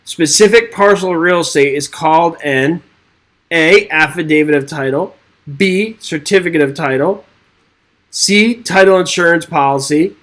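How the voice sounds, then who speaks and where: A man with a somewhat high voice runs a live exam-prep webinar from his desk microphone. He reads multiple-choice questions aloud, then jokes and checks in with viewers in an upbeat, chatty way. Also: normal speed, fairly bright tone, rough recording. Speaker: real estate exam instructor.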